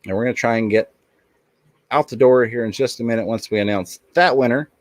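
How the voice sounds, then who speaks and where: A man's voice: medium pitch, brisk, dry recording. A man hosting a casual livestream in an upbeat way, reading the chat aloud and thanking viewers. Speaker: livestream host.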